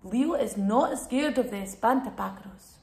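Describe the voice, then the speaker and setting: Here a woman with a higher-than-average, slightly mellow voice reads a bilingual storybook to young children at normal speed, the room audible around her. As a Spanish teacher and storyteller, she goes sing-song and exaggerated and has the kids repeat words after her.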